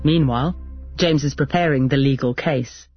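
A man journalist giving measured, scripted documentary narration. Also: mid-range voice, lo-fi sound, faint music behind. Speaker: journalist presenter.

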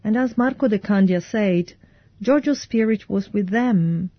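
A woman giving an interpreter's voice-over, calm and measured. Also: medium pitch, no echo, dull audio. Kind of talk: translated voice-over.

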